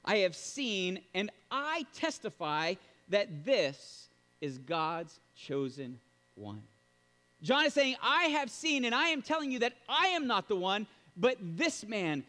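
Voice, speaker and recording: A male pastor delivering a sermon in a fairly high, very lively voice that leaps up into loud bursts of emphasis. His words ring with a long reverb from a large church sanctuary. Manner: emphatic, animated preaching with sudden loud bursts.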